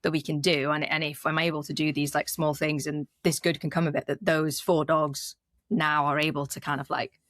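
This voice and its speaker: A woman's voice: sits low, little pitch movement, moderate pace, fairly bright tone, dry recording, clean studio sound. A woman guest in a casual podcast interview, talking earnestly and rambling a little as she tells her story. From United Kingdom.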